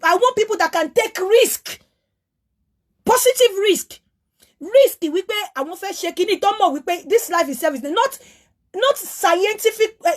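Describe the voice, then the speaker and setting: A woman with a Yoruba Nigerian accent hosts a heated solo monologue. Her voice sits very high, and she lectures with repeated rhetorical questions, switching freely between Yoruba and English. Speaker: host. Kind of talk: opinionated monologue.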